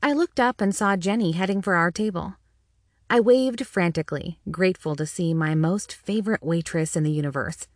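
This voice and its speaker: A woman reads a first-person audiobook with a wry, dryly humorous manner. Her voice sits a little low for a woman. The recording is dry and close, with no room sound. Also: normal speed, no room sound. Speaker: audiobook narrator.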